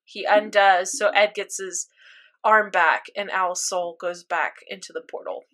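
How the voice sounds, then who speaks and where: A woman's voice: medium pitch, a little slow. A young woman in casual chat, animatedly recapping an anime episode and acting out her own reactions. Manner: animated storytelling, acts out reactions. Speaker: podcast co-host recapping an anime.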